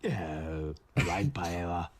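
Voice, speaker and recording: A man's voice: low-pitched, animated, extremely slow, background noise, exaggerated voice. An actor playing a dim-witted male clown lackey in a game, drawling his words. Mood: dopey. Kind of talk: game voice acting.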